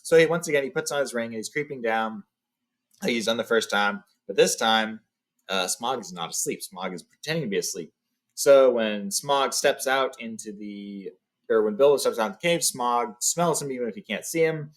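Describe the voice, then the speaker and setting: A man's voice: medium pitch, normal speed. A man reading a novel aloud, switching between reading and casual summaries with fillers. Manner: reads, then sums up casually with fillers. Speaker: reader. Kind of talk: book read-along with casual summaries.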